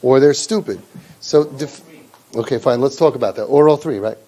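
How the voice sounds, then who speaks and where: A man's voice: medium pitch, normal speed, mellow. A man leading a parent training group, talking sarcastically and mimicking children and parents. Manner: sarcastic, mimics kids and parents in exaggerated voices. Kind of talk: spoken parent training talk.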